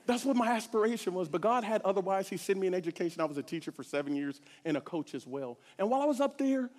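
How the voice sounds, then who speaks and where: Passionate high-voiced man in a reverberant hall. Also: animated, quick pace. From Corpus Christi, Texas. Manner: passionate, swings from hushed to shouting. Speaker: church speaker giving testimony. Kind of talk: sermon testimony.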